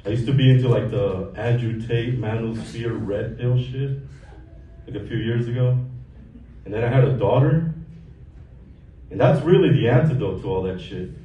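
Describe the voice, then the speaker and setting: A man's voice: mid-range voice, moderate pace, long pauses, recorded from a distance, highs cut off. A man in his thirties from Mexico doing a casual, profane stand-up set in a comedy club. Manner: deadpan, casual, profane storytelling. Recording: echoey club recorded from afar. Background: audience laughter and room noise.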